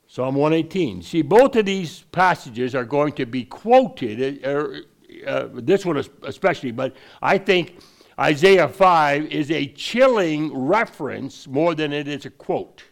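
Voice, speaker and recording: Guy with a gravelly voice preaching a bible lesson, slow scripture reading then quick chatty asides. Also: a little high. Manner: conversational, reads scripture slowly, then explains in quick asides. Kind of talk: Bible teaching.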